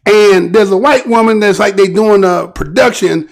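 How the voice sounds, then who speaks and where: American male host with a high, creaky voice; casual, rambling news commentary. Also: normal speed. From United States. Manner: rambling, conversational, keeps asking "right?".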